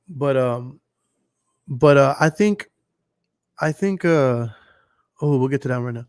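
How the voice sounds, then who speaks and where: Speaking slowly with long pauses, this Texan man hosts a casual solo podcast, addressing listeners directly with blunt, profane talk. His pitch sits in the medium range, and the studio sound is clean with no echo.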